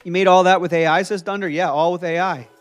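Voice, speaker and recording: A man with a New York accent chats casually on a livestream, joking and reading viewer comments aloud. His voice sits fairly high for a man. Faint music plays behind him. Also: fairly even intonation, quick pace. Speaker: livestream host.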